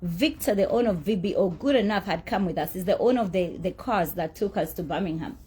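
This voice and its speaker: A woman's voice: fairly low pitch, fairly quick, mellow, husky. A woman telling her side of a payment dispute in a blunt, indignant monologue, often repeating herself for emphasis. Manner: blunt, indignant storytelling with profanity; emphatic repetition. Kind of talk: candid monologue.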